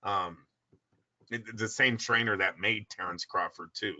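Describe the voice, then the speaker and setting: A man co-hosting a boxing talk show in casual chat, excitable and scolding, laughing often. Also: on the low side, a little slow. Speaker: boxing podcast co-host. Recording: dull lo-fi audio.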